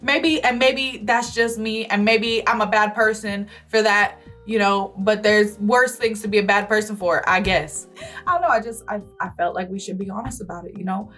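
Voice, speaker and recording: A woman's voice: medium pitch, steady tone, normal speed, a bit bright, soft background music. A woman hosting a reaction video, talking bluntly and rambling with plenty of swearing. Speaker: YouTube host. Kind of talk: casual reaction commentary.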